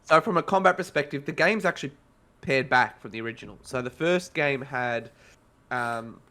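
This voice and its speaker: A man's voice: medium pitch, normal speed, sharp tone. A man with an Australian accent, co-hosting a casual podcast and reviewing a game in a rambling, self-correcting way.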